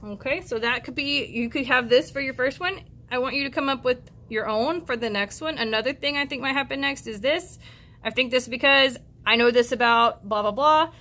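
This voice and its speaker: A woman teacher reading a storybook aloud to children, stopping for chatty, encouraging asides. Her voice sits high and sounds bright and forceful. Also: brisk.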